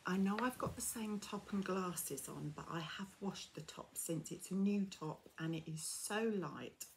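Slow-talking gushing woman vlogger. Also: fairly low pitch, a little hiss or hum. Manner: gushing, gasping, often drops to a soft breathy near-whisper. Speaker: crafting vlogger. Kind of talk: casual unboxing chat.

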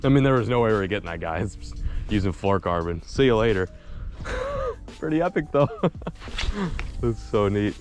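Excitable young man with a lively voice. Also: fairly low pitch, moderate pace, pauses often, faint music behind. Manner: excitable, slangy, laughs often. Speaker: fishing vlogger. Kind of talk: excited outdoor vlog chat. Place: boat on open water outdoors.

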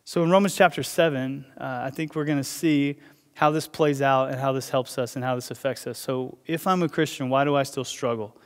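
A man preaching a sermon as pastor, talking conversationally with quick asides and restarts. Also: medium pitch, steady tone. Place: church auditorium. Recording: long hall reverb.

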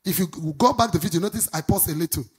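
A woman's voice: on the low side, slightly rough. A Nigerian woman pastor preaches with a lilting, sing-song delivery, stretching out the words she stresses. She keeps tossing questions to the congregation and waits for them to call back the answers. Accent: Nigerian English. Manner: emphatic, drawn-out stressed words. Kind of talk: preaching sermon with call-and-response.

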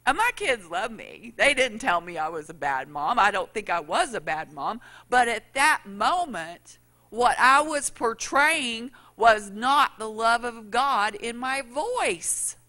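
A woman's voice: a little high, big pitch swings, slow, bright, forceful tone. A middle-aged woman preaching a sermon, telling folksy stories and acting out what people said. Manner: folksy storytelling, acts out quotes.

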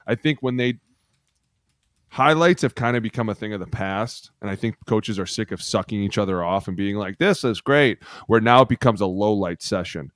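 A man's voice: lowish voice, moderate pace, dry recording, studio quality. A man co-hosting a casual podcast, telling profane stories and acting out quotes from teammates and coaches. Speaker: podcast co-host, former lineman.

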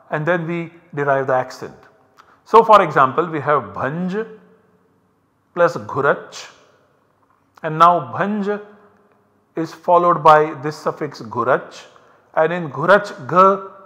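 A man with an Indian English accent gives a university lecture, explaining each step in a measured way and pointing to examples on a slide. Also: on the high side, sharp tone. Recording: lecture recorded with long reverb.

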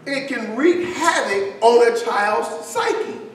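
Speaking slowly and loosely, a high-voiced pastor delivers an expressive sermon, stopping now and then to trade jokes with the congregation. The recording is distant, set in a large church hall that echoes with a long reverb tail over a faint hiss.

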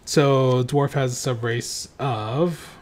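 Man, podcast co-host, joking banter, teasing, casual, mid-pitched. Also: steady tone, takes it slowly. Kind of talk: casual chat about tabletop games.

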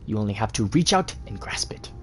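Sly old witch coaxing her daughter, fake british accent, hushed and low, read by a man. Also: very animated, brisk, slight background noise. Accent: British (put on).

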